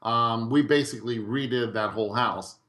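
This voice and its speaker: A middle-aged man, a guest in a podcast interview, telling his story in a lively way and acting out quoted dialogue. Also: mid-range voice, moderate pace. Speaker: guest real estate investor.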